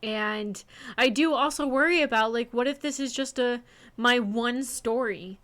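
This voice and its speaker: Bright, smooth-voiced emotional young woman. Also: fairly high pitch, unhurried. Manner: gushing, tearful and nervous, with many restarts. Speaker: self-published author streaming live. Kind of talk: emotional casual livestream talk.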